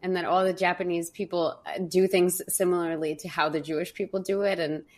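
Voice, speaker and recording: A woman hosting a podcast interview, a lively storyteller who acts out the voices in her stories. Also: on the low side, brisk. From New York. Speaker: podcast host.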